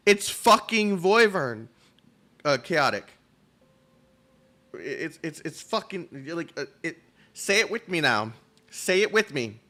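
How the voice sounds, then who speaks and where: A man with a sharp, mid-range voice streams a game and reads its dialogue aloud, stumbling over words and laughing at himself amid loose, joking banter.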